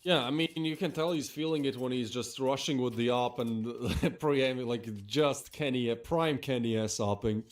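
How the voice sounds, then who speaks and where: A man's voice: mid-range voice, normal speed, few pauses. A man giving chatty, laughing color commentary and analysis on an esports match.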